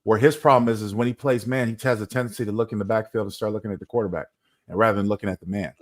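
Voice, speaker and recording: Male former-player analyst, quick delivery, emphatic and playful in casual talk. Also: on the low side. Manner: emphatic, animated, jokey storytelling. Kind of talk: casual sports podcast talk.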